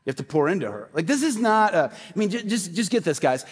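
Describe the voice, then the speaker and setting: A man's voice: high-pitched, very animated, fast talker, husky. A man preaching a sermon in a church, talking conversationally and animatedly to the congregation with asides. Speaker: pastor. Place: church sanctuary. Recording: hall reverb.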